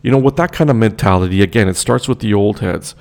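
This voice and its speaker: This young man's personal story comes out as an angry, profane rant that keeps returning to the same points. He speaks quickly, his low voice gravelly with fry yet a little mellow.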